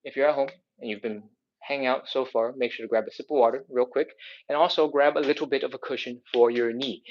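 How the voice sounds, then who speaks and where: A man's voice: mid-range voice, slight background noise. Upbeat male stretching coach, lo-fi sound. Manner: coaching, upbeat, repeats "all right?". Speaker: fitness instructor. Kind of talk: live stretching class instruction.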